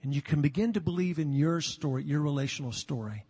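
An older man preaching a sermon, earnest and confessional, sometimes halting on repeated words, recorded live in a large hall. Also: fairly high pitch, darkish tone, husky. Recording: long reverb of a large hall.

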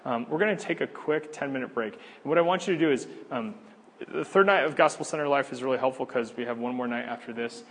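Man, husky voice, casual church teaching, lots of fillers, long hall reverb. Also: medium pitch, quick pace. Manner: conversational, laughs easily, many fillers and restarts. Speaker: pastor teaching a church class.

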